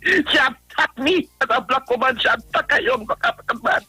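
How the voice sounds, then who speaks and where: High-voiced laughing man ranting. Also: lively intonation, fairly quick, bright, forceful tone, husky, no echo, faint music behind, low-quality recording. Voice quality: high voice, laughing through his words. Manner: repetitive, mocking, addresses a critic by name. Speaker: radio caller. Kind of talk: ranting call-in. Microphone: phone line.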